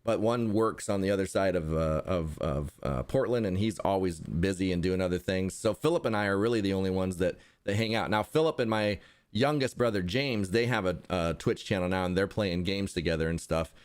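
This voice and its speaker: Rambling lowish-voiced man. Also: clean tone. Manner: rambling, halting restarts, dry humor. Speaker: interview guest, content creator. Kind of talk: casual conversation.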